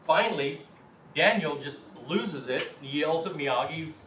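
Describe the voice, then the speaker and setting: A man's voice: a little high, expressive, unhurried, fairly bright tone, slight background noise. A man teaching a language class in a chatty, encouraging way, telling anecdotes to the room. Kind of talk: informal classroom talk. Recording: echoey room from far off.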